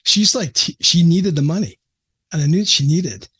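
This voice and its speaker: A man's voice: on the high side, big pitch swings, moderate pace, fairly bright tone, husky. A middle-aged man from the American Midwest, a psychiatrist guest, telling an earnest, emotional story in a casual interview with frequent restarts.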